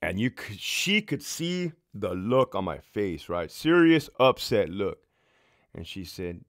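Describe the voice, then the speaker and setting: A former prison sergeant tells his own story to camera in a rough, swearing, worked-up way. His low voice swings widely up and down as he talks. The sound is dry and close, with no room echo. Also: takes it slowly. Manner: profane, heated, animated.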